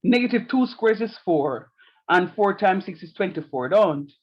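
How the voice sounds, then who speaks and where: High-voiced man teaching on a call. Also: expressive, moderate pace, highs cut off. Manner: repetitive, explaining step by step. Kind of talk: online class teaching.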